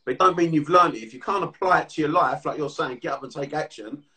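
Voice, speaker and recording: A man hosting a podcast, telling stories quickly and casually with swearing. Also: fairly high pitch, far from the mic. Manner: rapid storytelling, swearing, animated. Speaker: podcast host and therapist.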